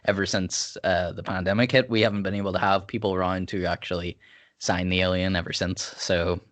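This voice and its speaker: Chill guy hosting a podcast, kinda low voice, rambles with lots of ums. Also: flat delivery, a little fast, fairly bright tone. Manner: rambling, laid-back, many fillers. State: sipping whiskey. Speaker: podcast host. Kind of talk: casual chat.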